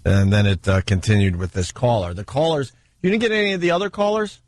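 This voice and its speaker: A man's voice: medium pitch, fast talker, no room sound. A man hosting a radio talk show, introducing clips with a wry, mocking tone.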